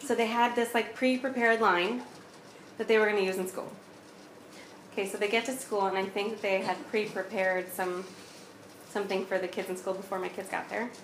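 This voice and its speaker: A woman's voice: mid-range voice, steady tone, brisk, a little hiss or hum. A woman in her thirties telling a personal story in a candid, conversational way, acting out the dialogue as she goes. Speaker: guest sharing a personal story. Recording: roomy echo.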